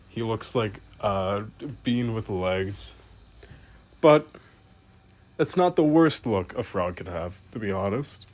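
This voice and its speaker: Male host, deadpan comedic commentary; mock-serious animal critic, casual swearing. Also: lowish voice. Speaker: host reviewing animal pictures.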